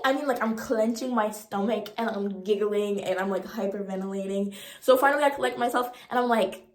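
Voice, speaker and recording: A young woman in her twenties telling a storytime vlog in an animated, slangy way and acting out the voices. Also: medium pitch, moderate pace. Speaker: vlogger. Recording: roomy echo.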